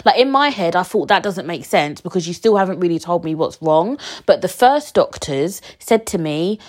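A woman's voice: on the low side, expressive, moderate pace, few pauses. A young woman, telling a story frankly to her viewers, full of fillers and swearing. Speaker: vlogger.

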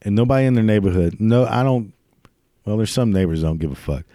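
Low, mellow-voiced man, crude swearing comedic ranter, dry close recording. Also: lively intonation, brisk, no echo. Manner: crude, swears constantly, laughs at his own jokes. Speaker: ranting commentator. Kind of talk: profane comedic rant.

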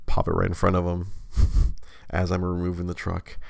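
A man in his thirties tells a long story on a live stream in a very deep, gravelly voice. He rambles, restarts his sentences, and laughs at himself. The sound is dry and close to the mic. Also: monotone, moderate pace, dry recording. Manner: rambling, self-mocking, many restarts and laughs. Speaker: livestream host. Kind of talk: casual storytelling chat.

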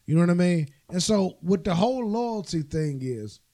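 A man's voice: sits high, lively intonation, normal speed, dark tone. A man co-hosting a casual podcast chat, blunt and profane, laughing easily. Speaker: podcast co-host.

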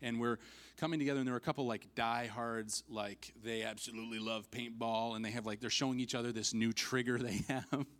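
A male pastor delivering a sermon in an animated, storytelling way. He mocks himself with humor and slips into acted-out voices for the people in his story. His voice sits at an everyday middle pitch for a man. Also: brisk. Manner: animated storyteller, acts out quotes, self-mocking humor.

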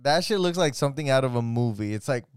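A young man hosting a casual podcast chat, excitable and slangy, full of "bro" and exclamations. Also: mid-range voice, fast talker, smooth, no room sound, studio quality. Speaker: podcast co-host.

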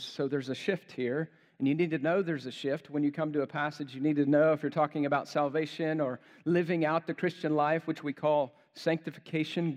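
A male pastor preaching a sermon, emphatic, building to forceful rhetorical questions. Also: a little high. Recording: long hall reverb.

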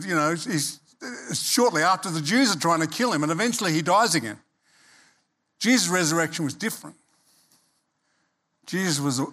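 Aussie pastor guy giving a sermon, emphatic, acts out the quotes, pitched a little high. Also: fairly bright tone.

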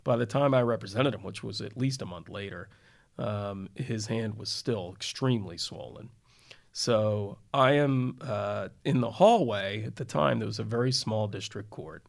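Gravelly, wry middle-aged man spinning a story. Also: fairly low pitch, normal speed. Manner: wry, self-deprecating anecdote telling. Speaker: criminal defense attorney and podcast co-host. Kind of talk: casual storytelling chat.

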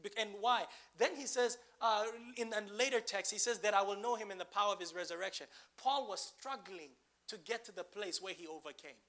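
A man's voice: high-pitched, fairly quick, few pauses, fairly bright tone. A man preaching a sermon, asking the congregation questions and building to emphatic bursts.

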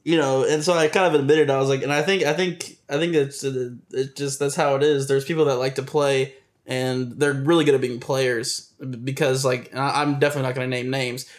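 A man's voice: medium pitch, little pitch movement, brisk. A man chatting casually and at length, self-mocking and laughing as he talks. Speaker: game master and podcast co-host. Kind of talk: casual chat.

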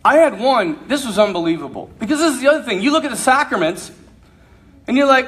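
A young man preaching as a priest, his voice sitting high for a man. He tells a story in a lively, joking way and acts out each person he quotes. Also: fast. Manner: animated, jokey storyteller who acts out quotes. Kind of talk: storytelling talk to young people.

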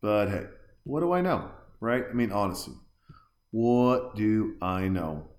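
A man's voice: on the low side, very animated, measured pace. A man hosting a podcast from his house, rambling through casual, sarcastic commentary as he reacts aloud to a movie. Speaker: podcast host. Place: room in a house. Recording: roomy echo.

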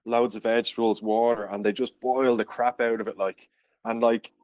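A man's voice: mid-range voice, little pitch movement, normal speed, a little mellow, no room sound. An Irish man from Ireland, a podcast guest, telling stories in casual chat and laughing often. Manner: chatty storyteller, laughs often.

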